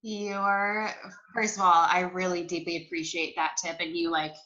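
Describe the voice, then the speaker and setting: A woman's voice: lowish voice, level tone, normal speed, pushed and bright, muffled recording. A woman hosting a live-stream interview who talks in a bubbly, gushing way with lots of fillers. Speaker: host.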